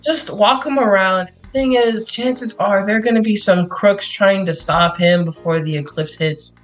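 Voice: mid-range voice, moderate pace, soft background music, natural voice. A game master playing a weary male hero giving orders in a tired, instructive way. It is a plain, everyday voice with a sigh behind it.

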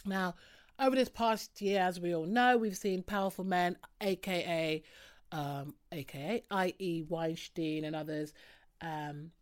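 A woman's voice: on the low side, fairly even intonation, measured pace. A woman hosting a podcast, talking casually and turning to a serious topic. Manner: chatty, turning serious, with fillers. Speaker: podcast host.

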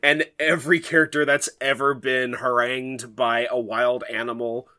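A man's voice: medium pitch, little pitch movement, moderate pace, pushed and bright. A man co-hosting a comic podcast, joking sarcastically about a fairy tale. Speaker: podcast co-host. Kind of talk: comic chat.

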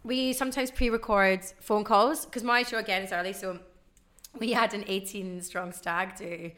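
A woman, a radio DJ, telling stories fast in casual chat and acting out the people she quotes. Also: mid-range voice. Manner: fast, animated storytelling with acted-out quotes. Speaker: radio DJ guest.

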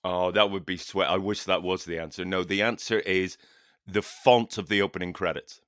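A man's voice: low-pitched, steady tone, moderate pace, a bit bright, smooth, no echo, studio quality. A man from Ireland, hosting a podcast in casual, sweary, self-mocking chat. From Northern Ireland. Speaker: podcast host.

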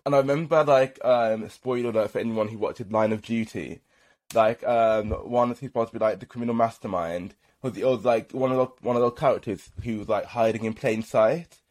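A man from Birmingham co-hosting a podcast, talking in relaxed casual chat full of "like". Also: fairly low pitch, fairly quick. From Birmingham, England. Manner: relaxed, lots of "like" fillers. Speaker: podcast co-host.

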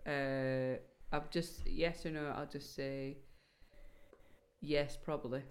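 Teasing woman with a very low voice. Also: fairly even intonation, takes it slowly. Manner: teasing, laughing often. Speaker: podcast co-host. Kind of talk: casual chat.

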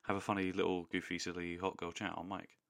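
A man's voice: sits low, little pitch movement, fast talker, vocal fry, fairly bright tone, dry recording, clean studio sound. A man co-hosting a podcast, chatting casually in goofy, playful banter. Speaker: podcast co-host. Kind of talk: casual chat.

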